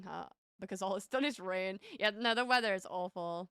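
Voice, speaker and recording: A woman with a Northern English accent chats loosely with her viewers on a live stream, often stumbling over her words and laughing. Her middle-pitched voice sits close to the mic in a dry, dead room. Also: normal speed, a bit bright, smooth, no room sound. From Northern England. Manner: chatty, laughs often, stammering restarts. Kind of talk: casual chat with viewers.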